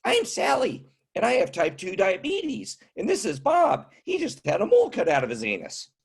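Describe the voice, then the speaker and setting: A man's voice: high-pitched, wildly swooping pitch, normal speed, vocal fry, husky, pitched above the performer's own voice, exaggerated voice. A man voicing elderly party guests who cheerfully introduce themselves by their ailments. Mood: chirpy. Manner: cheerful, matter-of-fact oversharing. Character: boastful elderly men and women listing ailments.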